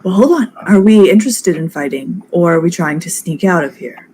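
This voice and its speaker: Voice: mid-range voice, fairly quick, a little mellow, a little hiss or hum. A chatty, giggly player in a tabletop game who asks questions and plans moves. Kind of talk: casual tabletop play.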